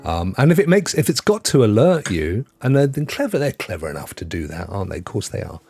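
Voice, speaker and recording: A man's voice: fairly low pitch, very animated, quick pace, darkish tone, slightly rough, soft background music. A middle-aged man hosting a live stream, chatting casually with rambling asides and frequent laughs as he reads out good news stories.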